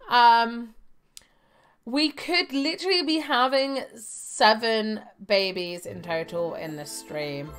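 A woman's voice: fairly high pitch, fairly bright tone, clean tone. A young adult woman giving chatty live gameplay commentary, thinking aloud with fillers and laughing often. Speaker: game streamer.

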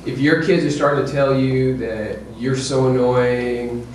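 A man giving a lively, joking parenting talk to an audience, often checking in with "okay?" and "right?". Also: medium pitch, unhurried, far from the mic, soft background music. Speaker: presenter to parents. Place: presentation room with audience. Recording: echoey room, voice from afar.

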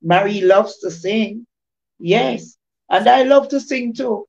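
A woman with a mid-range, creaky, slightly mellow voice speaks slowly, giving an informal devotional testimony. She repeats phrases in an emphatic preaching cadence. The dull lo-fi recording has a little hiss or hum.

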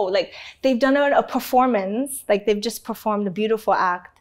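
A woman's voice: mid-range voice, moderate pace. A young adult woman being interviewed. She talks candidly and expressively, with lots of "like" fillers and frequent easy laughter. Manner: laughs easily and often. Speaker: interview guest.

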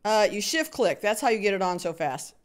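Commentating her live game stream, an animated woman chats with viewers and cheers on the other players. Her mid-range voice moves briskly and swings freely up and down, and she fills quiet moments by humming little sound effects.

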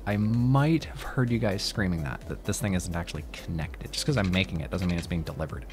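A man's voice: deep voice, fairly quick. A man giving casual, profane and joking commentary on a city-building game. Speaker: let's play host. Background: game music.

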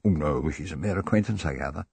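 A man voicing a shaken, frantic young gentleman in an audiobook, halting and unsteady. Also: a bass voice, creaky, husky, no room sound, full character voice. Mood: anxious.

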